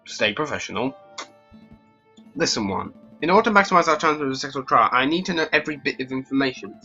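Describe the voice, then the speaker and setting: Guy doing a firm clipped falcon lawyer, bright voice, dull-ish audio, faint music. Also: medium pitch, animated, fast talker. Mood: stern. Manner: clipped, firm, bluffing legalese. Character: confident male falcon defense attorney.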